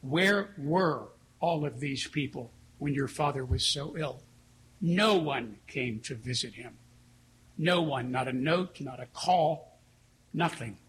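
A man preaching a sermon as a priest, telling stories in an earnest, reflective way with slow pauses. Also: mid-range voice, expressive, fairly bright tone, a little hiss or hum, poor audio.

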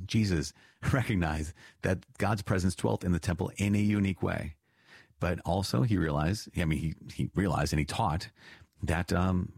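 Man, very deep voice, husky, dry close sound, earnest scripture teaching, emphatic rises. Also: darkish tone, no echo. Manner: earnest, explanatory, repeats points with emphatic rises. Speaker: priest teaching the Catechism. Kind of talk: spoken teaching commentary on a reading.

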